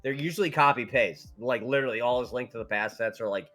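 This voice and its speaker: A man co-hosting a casual gaming podcast, talking in a loose, profane, rambling way, often laughing and slipping into quick voices for his stories. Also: medium pitch, fairly bright tone, soft background music. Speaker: podcast co-host.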